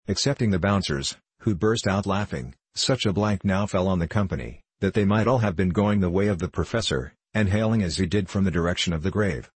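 A man narrating a novel in the first person with measured, wry storytelling. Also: deep voice, husky, dry recording, poor audio. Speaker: audiobook narrator.

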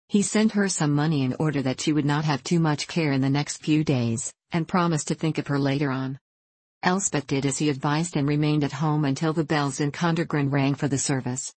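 Low-voiced woman narrating a storybook. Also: no echo. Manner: calm, measured reading. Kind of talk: audiobook narration.

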